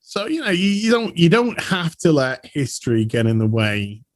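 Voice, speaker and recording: A man's voice: a little high, sing-song, normal speed, no echo. A man with a Yorkshire accent, a podcast guest making dry, wry quips. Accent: Yorkshire English. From Yorkshire, England. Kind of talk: casual comedy podcast banter.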